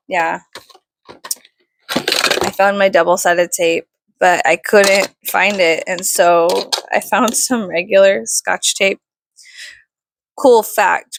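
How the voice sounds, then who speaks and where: A worn-out young woman rambles through her dawn makeup routine, swearing freely and teasing herself. Her voice has a rough, gravelly fry. The sound is dry and close. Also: mid-range voice, no room sound. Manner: tired, swears often, self-mocking. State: tired. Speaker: vlogger. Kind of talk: casual early-morning makeup vlog.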